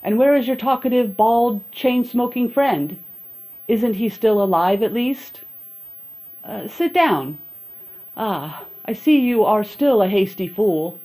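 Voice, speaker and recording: A woman putting on a shrill old voodoo witch. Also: lively intonation, slow pace, dark tone, poor audio. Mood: mocking. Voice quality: high-pitched, cackling.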